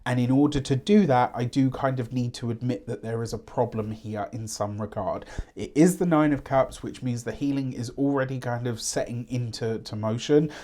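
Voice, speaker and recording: A man's voice: medium pitch, moderate pace, few pauses. Chatty man giving a tarot reading. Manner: chatty, animated, rambling with asides. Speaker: tarot reader and channel host. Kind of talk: casual weekly tarot reading to camera.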